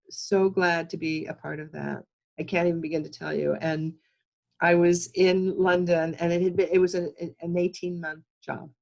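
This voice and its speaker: A woman's voice: lowish voice, darkish tone, poor audio. A woman producer telling stories as an interview guest over a video call, emphatic with frequent restarts. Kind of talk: casual interview storytelling.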